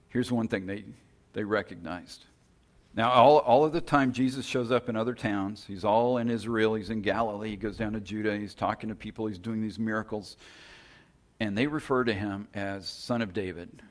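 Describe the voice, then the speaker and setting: Low-voiced man preaching conversationally. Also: normal speed. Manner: conversational, storytelling, with restarts. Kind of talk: sermon, Bible teaching.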